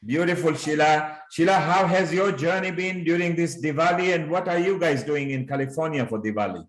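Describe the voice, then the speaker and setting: A man's voice: a little high, a little fast. A man hosting a live online show over a video call, greeting and praising his guests with effusive compliments. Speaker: host. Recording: echoey room on video call.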